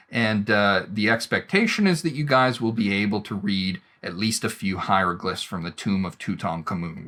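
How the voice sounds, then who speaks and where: Bright-voiced male lecturer. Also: lowish voice. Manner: explanatory, with verbal restarts and tag questions. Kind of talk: recorded online lecture.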